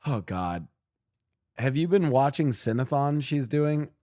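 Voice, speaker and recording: A man's voice: medium pitch, expressive, unhurried, mellow, no echo, studio quality. A man streaming and reacting to clips, rambling animatedly and talking to his chat.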